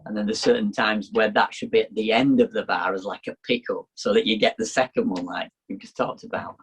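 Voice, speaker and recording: Low, husky male musician host. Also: fairly even intonation, a little fast, low-quality recording. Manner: asks questions, chats loosely with fillers. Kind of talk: casual conversation.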